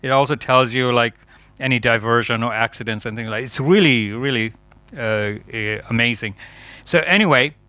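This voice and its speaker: A man's voice: mid-range voice, fairly bright tone, no room sound. A man giving a chatty, digressive lecture at a yoga festival, laughing often at his own asides.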